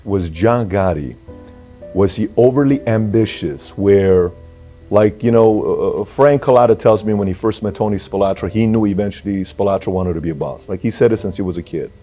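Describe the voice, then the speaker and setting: Low husky guy asking rambling interview questions, faint music behind. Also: moderate pace, warm tone. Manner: rambling, repeats his question.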